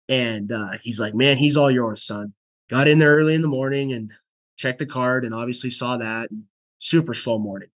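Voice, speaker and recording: A young man with a husky, slightly rough voice tells a story in relaxed, casual talk. He acts out the dialogue as he goes and drops into hushed whispers for the quiet moments. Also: medium pitch. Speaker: podcast guest.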